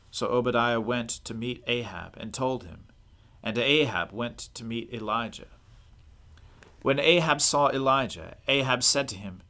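A man reading a Bible passage aloud in a measured, steady narration. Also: medium pitch. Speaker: scripture reader.

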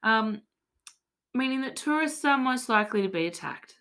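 Bright-voiced Australian woman, playful. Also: a little high, lively intonation, moderate pace. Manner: playful, mock-serious, laughs often. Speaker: podcast host. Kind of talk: casual podcast chat, deadpan tall tale.

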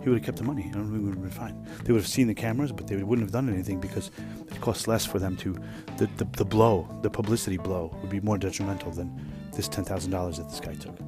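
A man hosting a podcast, telling a rambling, profane workplace story in a casual, animated way. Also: deep voice. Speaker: podcast host.

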